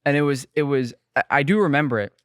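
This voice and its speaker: Young man, quick talker, smooth clear voice, dry close sound, rambling stories. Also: mid-range voice, no room sound. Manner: rambling, animated storytelling. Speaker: guest chef. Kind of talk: casual podcast interview.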